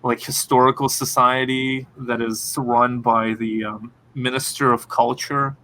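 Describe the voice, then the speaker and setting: A man's voice: mid-range voice, level tone, measured pace, sharp tone, slight background noise. A man co-hosting a podcast, chatting casually with many fillers and restarts. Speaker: podcast co-host. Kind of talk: casual chat.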